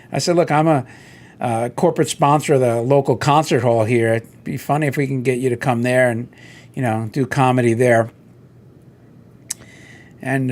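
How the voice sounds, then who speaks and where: A middle-aged man hosting a casual solo chat, rambling and telling stories while he browses toy listings. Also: mid-range voice. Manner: rambling, animated storytelling with quoted voices. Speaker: host.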